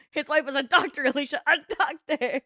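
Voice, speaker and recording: A woman's voice: sits high, pushed and bright, no echo, clean studio sound. A woman chatting casually while reacting to a video, rambling, profane and constantly giggling.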